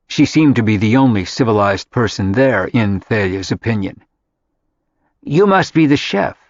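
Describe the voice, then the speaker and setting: A man reading a contemporary novel aloud in scripted narration, measured and even. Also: lowish voice, no room sound. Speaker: audiobook narrator. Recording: dry, slightly dull audiobook audio.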